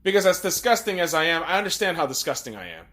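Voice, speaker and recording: A man's voice: a little high, very animated, fast talker, sharp tone. A man hosting a podcast, talking in a blunt, profane, ranting monologue. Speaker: podcast host.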